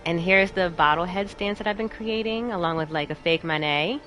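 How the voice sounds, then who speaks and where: Giggly, animated woman streamer. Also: lowish voice, a little fast, faint music behind. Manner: bubbly, giggly, animated, talks to chat. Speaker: streamer and host. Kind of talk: casual chat while playing a game live.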